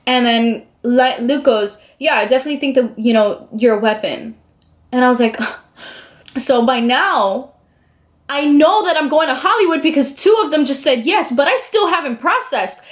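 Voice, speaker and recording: A young woman vlogger telling a story in a casual, chatty way while she does her makeup, acting out the quotes. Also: normal speed. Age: young adult. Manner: animated, chatty, acts out quotes with high squeals.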